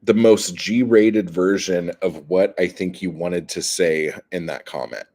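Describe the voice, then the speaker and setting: A man's voice: low voice, unhurried, a little mellow. A man hosting a livestream, ranting in a profane, exasperated way and reacting to chat comments. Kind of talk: heated livestream rant.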